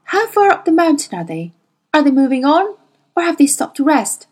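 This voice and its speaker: A woman's voice: high-pitched, big pitch swings, normal speed, darkish tone, voice pushed up. A woman voicing a cold, commanding female interrogator with an imperious, coolly menacing manner. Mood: interrogating.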